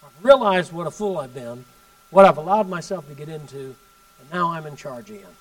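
A man preaching a sermon and telling a story, emphatic, swinging from loud bursts to hushed asides. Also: a little high, expressive, fairly quick, distant mic, poor audio.

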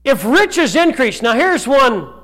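High-voiced preaching pastor, a man. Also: very animated, slow pace. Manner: preaching with sudden shouts and quieter scripture reading. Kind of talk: sermon. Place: church.

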